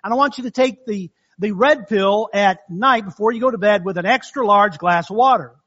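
A man doing a calm doctor giving orders. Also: sits high, muffled recording. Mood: instructive. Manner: deliberate, instructive.

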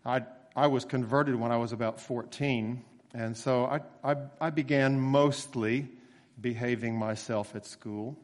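A male preacher tells his sermon like a story, casual and unhurried, then slows right down to lean on the words that matter. His voice rings out with a long echo, as if from a big church hall, and sits at an ordinary middle pitch for a man. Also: steady tone. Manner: conversational storytelling with emphatic slowed phrases.

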